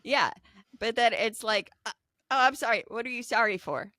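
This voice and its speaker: Lively, expressive woman with a higher voice. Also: normal speed, dry recording, clean studio sound. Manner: expressive, acts out quoted lines. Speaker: podcast co-host. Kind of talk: casual chat.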